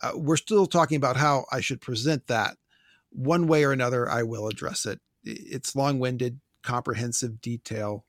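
A man's voice: medium pitch, fairly even intonation, moderate pace, dry recording, clean studio sound. A man hosting a casual book discussion, reading out listener notes in a wry, wordy way and stumbling over pronunciations. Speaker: podcast host.

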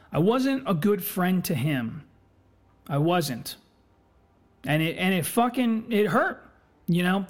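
A man hosting a podcast, talking in a candid personal monologue, blunt, earnest and full of swearing. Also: fairly high pitch. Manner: blunt and heavily profane; impassioned, earnest. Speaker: podcast host.

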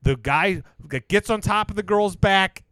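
A man in casual podcast chat, retelling a show's plot with lots of swearing and excited jumps in his voice. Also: a little slow, smooth, no echo. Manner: animated storyteller, swears a lot, jumps high when excited. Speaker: podcast co-host.

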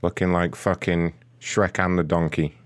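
A man's voice: low-pitched, level tone, a little slow. A man making a prank call as a rude customer service agent, insulting and taunting the customer in a smug way.

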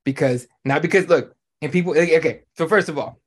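A male podcast host ranting about sports in loose, casual chat. He talks bluntly and swears freely, with a voice sitting a little higher than most men's. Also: fast talker. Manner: blunt, profane, animated ranting.

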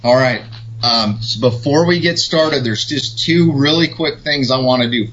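Guy on a video call, mid pitch voice, earnest, lots of um and you know, muffled sound. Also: fairly bright tone. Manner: earnest, halting, with many fillers. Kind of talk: casual interview talk. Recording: dull video call audio.

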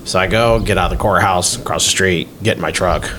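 Podcast guy, deeper voice, animated storytelling, bit of noise. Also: brisk. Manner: animated storyteller, acts out quotes. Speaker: podcast co-host. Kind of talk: casual chat.

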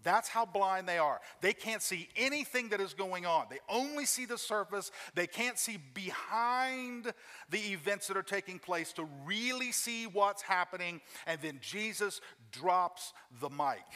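Bright, high-voiced preaching man. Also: lively intonation, unhurried, long reverb tail. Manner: storytelling, acting out quoted voices, emphatic repetition. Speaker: pastor. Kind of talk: sermon.

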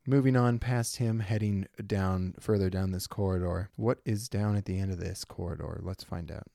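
A man hosting a solo tabletop game podcast, narrating and thinking aloud in a relaxed way. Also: deep voice, moderate pace, vocal fry, dry recording, clean studio sound.

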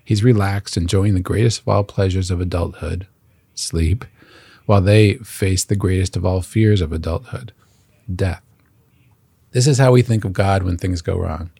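Man, deep voice, husky, dry close sound, earnest scripted narration. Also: moderate pace, mellow, no room sound. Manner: earnest, reads long quotations aloud. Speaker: host of a Catholic podcast.

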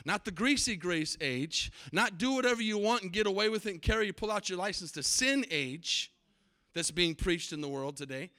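A man preaching a sermon, emphatic, repeating key words and building to loud climaxes. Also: sits high, lively intonation, normal speed. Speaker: pastor.

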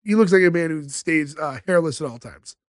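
A man's voice: fairly high pitch, lively intonation, brisk, no room sound, studio quality. A man co-hosting a podcast in casual chat, retelling scenes and acting out quoted lines. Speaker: podcast co-host.

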